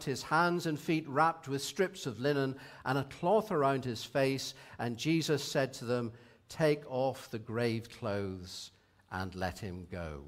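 Reflective man preaching a sermon. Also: fairly high pitch. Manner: measured, reflective, reads scripture aloud. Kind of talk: sermon reading.

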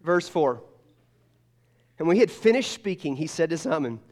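Male pastor, conversational sermon, storytelling, joking, frequent restarts, slightly high voice. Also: very animated, moderate pace, pauses often, a little mellow.

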